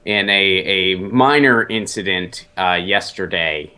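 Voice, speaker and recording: Man, american, casual storytelling, bright forceful tone, lower voice, halting with fillers. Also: clear, resonant tone. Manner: animated, halting with fillers and restarts. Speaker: commentator telling a personal story.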